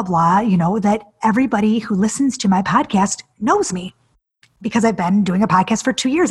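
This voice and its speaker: A woman in her forties hosting a podcast, telling her own story in an animated, emotional way. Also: slightly rough. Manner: animated, acts out quoted voices with big pitch jumps; emotional, near tears. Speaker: podcast host. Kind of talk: personal storytelling monologue.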